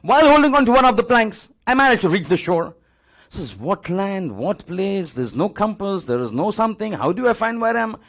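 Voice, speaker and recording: A man's voice: sits high, very animated, fairly quick, gravelly, fairly bright tone. A man giving a sermon, retelling a religious story with dramatic repetition and acted-out dialogue. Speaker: religious speaker.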